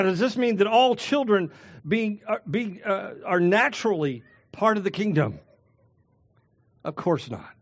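A man preaching a sermon as pastor, slowing down to stress key words. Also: high-pitched, highs cut off.

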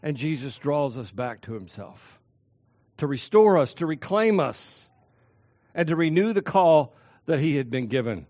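A man preaching an expository sermon as a pastor, earnest and emphatic, slowing down to stress key phrases. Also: a little high, sing-song, darkish tone, no echo, muffled recording.

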